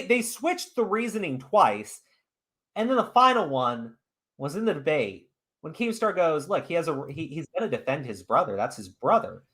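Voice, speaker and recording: A man on a podcast, ranting hard and swearing often. His pitch swings widely from line to line, and his voice has a bright, forceful edge. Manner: profane, heated and emphatic. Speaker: podcast host. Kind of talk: ranting commentary.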